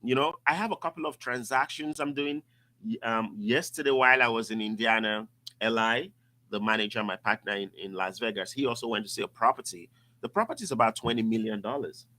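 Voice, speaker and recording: A man's voice: on the low side, brisk. A man hosting a casual talk show, telling stories with animation and acting out the voices of others. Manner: animated storyteller, acts out voices. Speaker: show host. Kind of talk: casual podcast chat.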